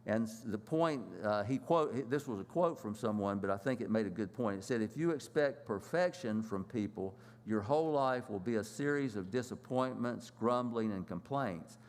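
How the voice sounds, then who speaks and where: A man teaching a church lesson in a plain, halting way, with many fillers and restarts. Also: lowish voice, animated, big-room sound.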